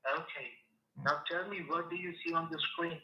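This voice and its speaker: A man's voice: a little high, steady tone, brisk, roomy sound. A man on a phone call, giving insistent, repetitive instructions. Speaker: scam caller.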